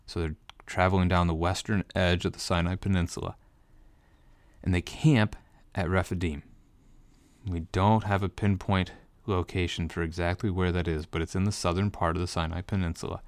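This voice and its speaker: A man's voice: sits low, level tone, normal speed, dry recording. A man teaching a Bible study in a conversational way, explaining details step by step. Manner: explanatory, walks listeners through details step by step.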